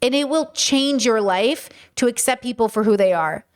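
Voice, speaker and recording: A woman's voice: fairly high pitch, lively intonation, normal speed, clear, resonant tone. A woman in her thirties hosting a casual commentary video, talking straight to her viewers in a chatty, emphatic way. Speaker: video essay host.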